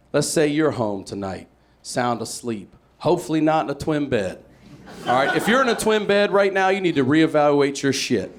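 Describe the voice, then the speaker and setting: A male stand-up comedian from Maryland telling a story on a comedy stage, animated and acting out voices, building up to loud punchlines. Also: mid-range voice. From Maryland, USA. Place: comedy stage with a live audience.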